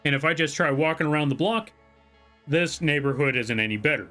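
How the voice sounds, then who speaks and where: A man's voice: fairly high pitch, fairly quick, sharp tone, faint music behind. A male streamer in casual livestream chat, rambling and exasperated, often correcting himself mid-sentence. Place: home room.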